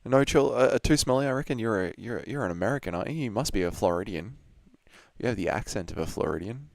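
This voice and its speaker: A man's voice: fairly low pitch, animated, quick pace, gravelly, no echo. A young Australian man streaming a fight watch-along, chatting loosely with viewers, swearing and laughing, tired from waking up early. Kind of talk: casual live-stream chat.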